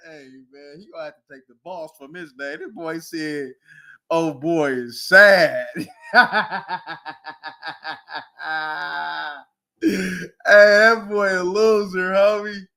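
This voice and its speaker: A high-voiced man rants about football in a casual stream. He talks slowly, with a bright, ringing tone. He mocks and jeers, now and then jumping into loud yells. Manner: animated, laughing, mocking, loud outbursts. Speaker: sports commentator. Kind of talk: casual sports rant. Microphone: streaming mic.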